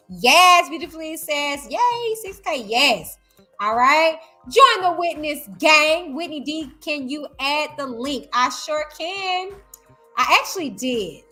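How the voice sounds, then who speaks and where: A woman hosting a casual commentary vlog, talking loud and high-energy straight to her viewers. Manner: chatty, addresses viewers directly. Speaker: YouTuber host.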